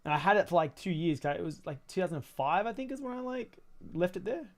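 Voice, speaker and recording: Male streamer, 30s, slightly high pitch, loose and crude, laughs a lot, off-the-cuff chat while building. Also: fast. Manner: rambling, crude and joking, laughs often. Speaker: streamer building a toy kit. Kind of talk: casual livestream chat.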